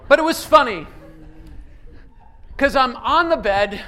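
Bright-voiced, high-pitched preaching man. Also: expressive, measured pace. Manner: emphatic preaching that swings from hushed to near-shouting; personal storytelling with laughs. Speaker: pastor. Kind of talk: sermon.

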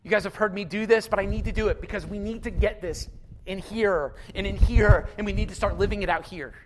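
A man preaching a sermon, swinging from loud, driven passages to soft, hushed appeals. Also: high voice, moderate pace, slight background noise. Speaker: pastor.

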